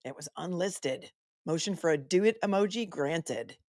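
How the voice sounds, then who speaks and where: A woman's voice: lowish voice, animated, moderate pace, a little mellow, no echo, studio quality. A woman attorney hosting a live stream, chatting casually and playfully while reading out viewer messages. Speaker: attorney commentator hosting a livestream.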